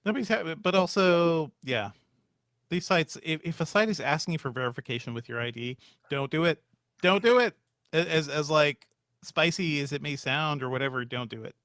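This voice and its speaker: A man's voice: fairly high pitch, fairly quick, a bit bright, dry recording, studio quality. A man co-hosting a podcast, chatting casually and pressing his points with repeated warnings. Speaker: podcast co-host.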